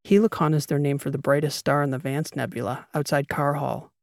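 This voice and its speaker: A calm, businesslike woman who runs covert operations speaks in a measured, matter-of-fact tone, as a male audiobook narrator puts her on. The voice sits a touch high and carries a gravelly edge. The recording is close and dry. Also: no echo. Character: composed female spy handler, calm and businesslike. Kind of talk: audiobook character voice.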